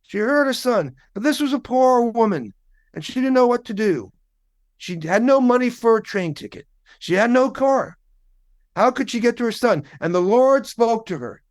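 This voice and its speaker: A man's voice: very high voice, animated, moderate pace, pitched above the performer's own voice. A man putting on a fervent gospel singer woman. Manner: rising, sermon-like storytelling cadence. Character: fervent female gospel singer preaching a parable.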